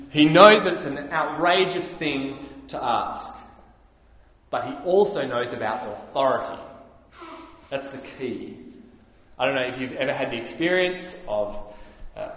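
A man preaching a sermon, explaining things earnestly with frequent pauses on "uh". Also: medium pitch, fairly bright tone. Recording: echoey hall reverb.

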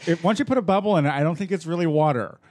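Man in his forties, slightly high voice, blunt and profane, teasing, dry close sound. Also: racing, darkish tone, no echo. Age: 40s. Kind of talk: casual chat.

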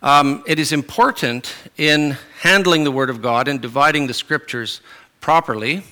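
A man's voice: fairly high pitch, normal speed, sharp tone, clear, resonant tone. A middle-aged man preaching a sermon in a conversational way, with fillers and restarts.

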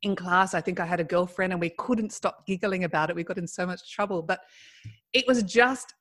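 A woman's voice: medium pitch, a bit bright. A middle-aged woman, a guest in a casual conversation, telling a personal story animatedly and laughing as she goes.

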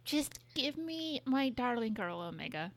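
A woman's voice: on the high side, very animated, measured pace. Chatty young woman podcast co-host. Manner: chatty, swears, many fillers. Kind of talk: casual chat.

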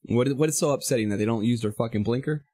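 Talking fast in a mid-range voice with no echo, this podcast host tells an animated road-rage story full of profanity. Throughout the casual chat he acts out the quoted exchanges between the people involved.

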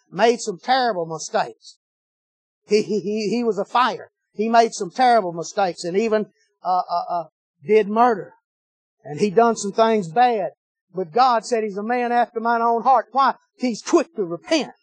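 A preacher delivering a sermon in a high, excitable voice, folksy and animated as he tells his story. The sound is dry and close-miked, with no room echo. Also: unhurried. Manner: folksy, animated storytelling, swings from shouting to low tones.

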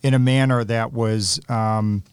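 A man who works as a city official, answering interview questions in a measured, explanatory, upbeat way. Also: lowish voice, steady tone, clean tone, no echo.

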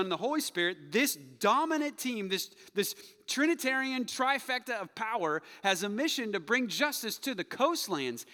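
Lively, high-pitched male preacher in a hall. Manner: animated and jokey, swinging from loud hype to hushed calm. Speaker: pastor. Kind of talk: sermon.

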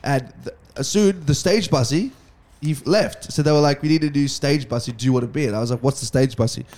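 A man's voice: mid-range voice, a little fast. A young man, telling crude, swear-filled stories in a casual podcast chat. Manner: crude, swearing, animated storyteller. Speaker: podcast co-host.

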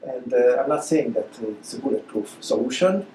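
A man answering audience questions at a lecture, halting with many fillers and restarts. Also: mid-range voice, lively intonation, warm tone, a little hiss or hum. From Hungary. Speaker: guest speaker. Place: lecture hall. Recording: echoey lecture room.

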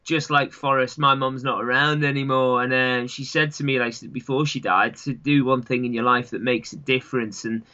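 An English man chats as the guest, rambling and leaning on "sort of" and "you know" between thoughts. His voice is bright and forceful. The recording sounds dull and lo-fi. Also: mid-range voice, steady tone, moderate pace, hardly any pauses. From England. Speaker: guest, long-distance runner. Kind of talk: casual interview chat.

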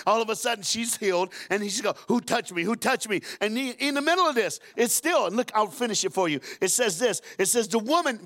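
A man's voice: sits high, fairly bright tone. A man preaching a sermon in a church, storytelling with humor and acting out voices from the Bible. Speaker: guest preacher. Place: church auditorium.

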